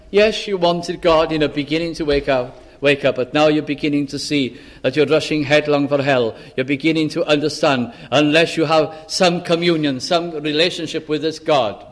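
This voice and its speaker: A preacher delivers an impassioned sermon in a notably high-pitched voice. He slows to press key words, then sinks into a hushed, pleading tone when he voices a soul crying out to God. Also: fairly even intonation.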